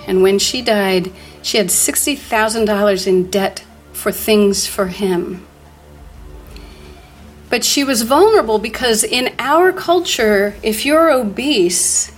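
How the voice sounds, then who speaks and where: A woman telling a grave personal story in an earnest way, sometimes dropping almost to a whisper. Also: medium pitch. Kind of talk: personal storytelling before an audience.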